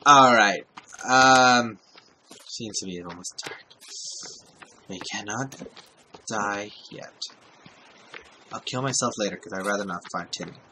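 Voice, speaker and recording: A man's voice: fairly low pitch, slow pace, long pauses, background noise. A man giving casual let's-play commentary, talking to himself while he plays and swearing often. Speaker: gameplay commentator.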